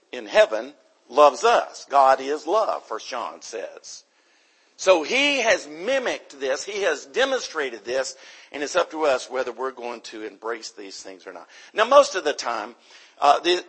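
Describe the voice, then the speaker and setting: A man's voice: a little high, fairly bright tone, husky, rough recording. A man from the United States preaching an emphatic sermon into a microphone, repeating his key points for stress.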